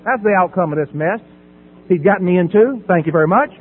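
A middle-aged man giving a personal testimony at a recovery meeting podium, dramatic, swinging from loud emphasis to hushed quiet. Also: high voice, lively intonation, a little fast, husky, phone-quality sound. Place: at a podium before an audience. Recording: phone-thin audio with faint hum.

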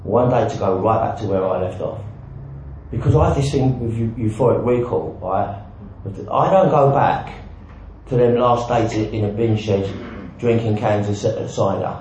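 A man with a lowish, slightly mellow voice shares his recovery story at a moderate pace, frank and self-mocking, with the odd curse and frequent "right?". It was captured in a very echoey, dull hall with a little hiss or hum.

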